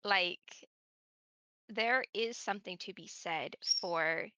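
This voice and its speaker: A woman's voice: mid-range voice, slow pace, bright, forceful tone, clear, resonant tone, no room sound. A woman guest on a casual Q&A stream, explaining her thoughts at length. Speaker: panel guest. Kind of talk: casual livestream Q&A.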